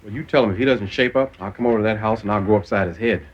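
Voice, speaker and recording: An actor playing a laid-back teasing night DJ. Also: male voice, lowish voice, racing, dull audio, close to an everyday voice. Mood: easygoing. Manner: smooth, easygoing, joking. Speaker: radio DJ. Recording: noisy old TV audio.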